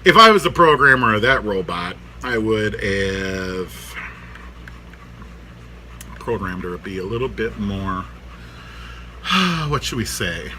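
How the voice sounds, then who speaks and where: A man's voice: on the low side, big pitch swings, moderate pace, bright, forceful tone, a little hiss or hum. A man in his thirties chatting casually to camera in his workshop, rambling through a cartoon review, laughing often and talking to his dogs.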